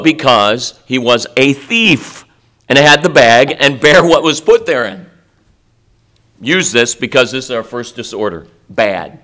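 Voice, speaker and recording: Man, middle-aged, pastor, chapel sermon, animated and mocking, sharp bright voice. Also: mid-range voice, unhurried. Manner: animated, swings from loud to soft, mocking asides. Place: college chapel.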